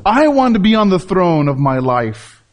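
High-pitched guy preaching, leans hard on repeats and asks the crowd stuff. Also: sing-song, moderate pace. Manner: emphatic preaching with rhetorical questions and repetition. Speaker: pastor. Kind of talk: sermon.

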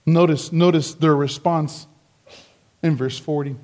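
A man with a fairly high voice preaching a verse-by-verse sermon. He speaks slowly and deliberately, leaning into emphatic lines when he quotes the crowd. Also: steady tone, a little mellow. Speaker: pastor. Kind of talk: expository sermon.

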